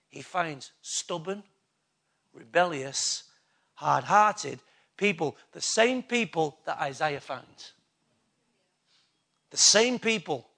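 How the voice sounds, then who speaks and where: A man's voice: high voice, bright, forceful tone. A man preaching a sermon, emphatic and full of rhetorical questions to the congregation.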